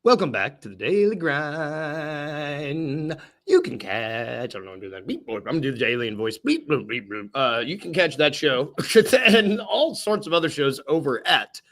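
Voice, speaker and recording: A man's voice: on the high side, expressive, moderate pace, fairly bright tone. Young guy hosting a podcast, goofy and rambly, laughs at himself a lot. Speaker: podcast host. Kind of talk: casual chat.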